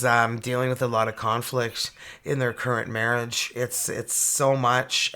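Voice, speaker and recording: A tarot reader from Canada giving a casual reading to camera. They gush with excitement, exclaim over each card and laugh often. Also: mid-range voice.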